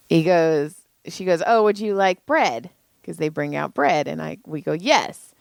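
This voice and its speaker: A woman's voice: fairly low pitch, creaky, no echo. A middle-aged woman co-hosting a podcast, telling a family story in a chatty, profane way and acting out the dialogue. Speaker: podcast co-host. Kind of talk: casual chat.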